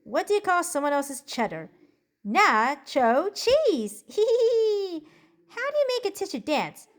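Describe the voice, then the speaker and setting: A chatty, bookish cartoon girl, voiced by a woman, rattles off jokes and journal entries in a bubbly, giggly way. Her voice sits high and swings up and down with animated energy. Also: a little slow, heavily acted. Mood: cheerful joking. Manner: bubbly, giggly joke-telling. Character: cheerful bookish preteen girl, upbeat and chatty. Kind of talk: journal-style character monologue.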